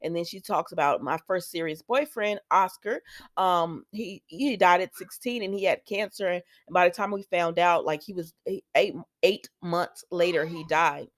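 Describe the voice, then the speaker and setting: A woman's voice: lowish voice, moderate pace, no echo, studio quality. A woman recapping a soap opera episode in casual, rambling talk, often stopping to talk back to the characters. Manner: chatty, digressive, talks back to the characters.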